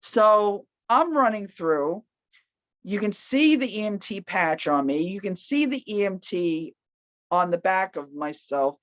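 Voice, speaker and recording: Storytelling woman, loud and animated, pitch jumping around, dry muffled sound. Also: a little slow, dry recording. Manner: loud, animated, acts out quoted voices. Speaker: guest telling a personal story. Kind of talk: casual storytelling.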